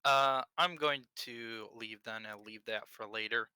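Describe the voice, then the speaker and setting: Man, tabletop player, wry, suspicious, sharp bright voice, dry sound. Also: on the low side, measured pace, clean tone, no echo. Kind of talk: casual tabletop play.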